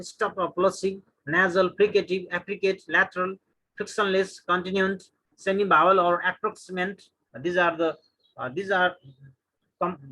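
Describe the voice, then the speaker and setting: A man with an Indian English accent and a high, bright voice, working through a syllabus as a teacher. He reads out terms one after another in short bursts and fills the gaps with "uh". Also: poor audio. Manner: reads lists item by item with many "uh" pauses. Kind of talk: lecture reading out a syllabus.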